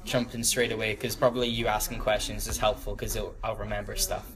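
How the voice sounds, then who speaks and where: A man's voice: lowish voice, level tone, fairly quick, crowd noise. Young man rambling through a talk. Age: 20s. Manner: rambling, many ums and restarts, laughs at his own stories. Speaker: youth group speaker. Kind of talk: casual talk to a small group. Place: church room with a small group.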